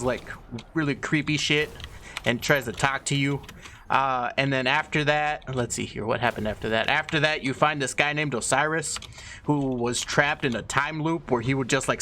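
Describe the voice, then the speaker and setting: A young man talks through a long story in a loose, offhand ramble, stumbling over words and dropping swear words as he goes. His voice sits at an ordinary middle pitch. A faint hiss of noise lingers in the background. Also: bright, forceful tone. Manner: loose, irreverent, swears freely, many fillers. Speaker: video host. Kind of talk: casual rambling explanation.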